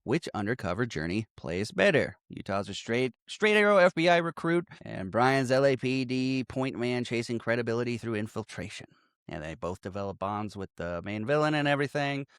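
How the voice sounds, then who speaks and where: Animated man recapping a movie, lively pitch. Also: normal speed, smooth, no echo, studio quality. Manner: animated, laughing, acts out movie lines with big pitch jumps. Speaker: podcast co-host. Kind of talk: casual movie recap chat.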